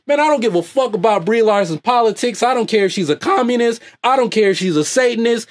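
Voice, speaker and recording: A man from the United States, hosting his own online channel with a loud, profane, off-the-cuff rant and frequent laughter. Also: extremely high pitch, quick pace, few pauses. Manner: loud, animated, laughs often. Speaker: YouTube host.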